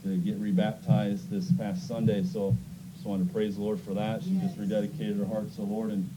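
A man's voice: on the low side, flat delivery, brisk, heavy background noise. Folksy preacher losing his voice. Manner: folksy and conversational, prays with rising fervor. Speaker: pastor. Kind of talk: church service, singing, prayer and announcements.

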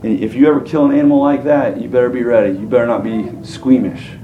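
A man's voice: mid-range voice, steady tone, fast, far from the mic, narrow, tinny audio, slight background noise. Folksy preacher man in an echoey church. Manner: folksy, colloquial, rhetorical questions to the congregation. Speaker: pastor. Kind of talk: sermon.

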